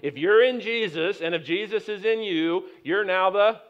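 A middle-aged male pastor delivering a sermon in a loose, storytelling way, stopping and restarting, then pressing his points with rising force. His voice sits a bit high for a man. The sound is slightly dull and lo-fi. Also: normal speed, fairly bright tone. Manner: conversational, anecdotal preaching with many restarts and rising emphasis.

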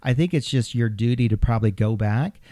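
Mellow-voiced man hosting a podcast. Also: medium pitch, a little fast, no room sound, studio quality. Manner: relaxed explaining, filler-heavy, jokey. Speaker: podcast host, plastic surgeon. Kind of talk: casual podcast chat.

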